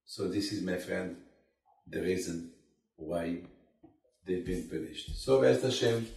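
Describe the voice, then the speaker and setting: A man's voice: deep voice, takes it slowly, vocal fry, darkish tone. A man giving a Torah sermon, emphatic and full of rhetorical questions. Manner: emphatic, rhetorical questions, addresses listeners as "my friend". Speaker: rabbi. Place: community study hall. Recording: roomy, from far off the mic.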